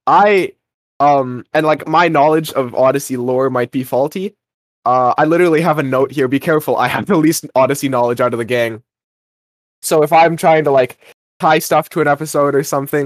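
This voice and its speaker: A man's voice: fairly high pitch, no echo, studio quality. A young man co-hosting a podcast, recapping an episode in a rambling, self-deprecating chat and briefly acting out the characters. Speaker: podcast co-host.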